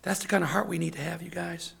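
A man's voice: fairly high pitch, steady tone, fast talker, gravelly, fairly bright tone, husky. A man serving as deacon, preaching a sermon in an emphatic, conversational way, with lots of repetition.

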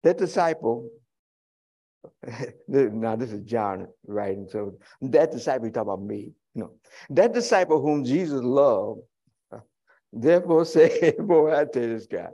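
Male pastor preaching, dark mellow voice, folksy and chatty, cracks little jokes to the folks. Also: medium pitch, big pitch swings, measured pace. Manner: folksy, conversational, humorous asides. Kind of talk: sermon.

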